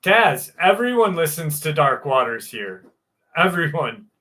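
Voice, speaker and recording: Slow-talking, rambling man on a livestream. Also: on the high side, sing-song, bright, forceful tone. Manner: rambling, candid, crude humor. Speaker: livestream host. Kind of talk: casual livestream chat answering viewers.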